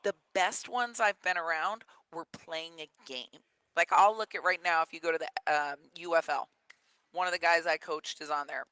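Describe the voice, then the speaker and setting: A woman's voice: low-pitched, moderate pace, smooth, poor audio. A woman guest, a football coach, telling stories in a radio interview and acting out the people in them. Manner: animated, acts out the people in her stories.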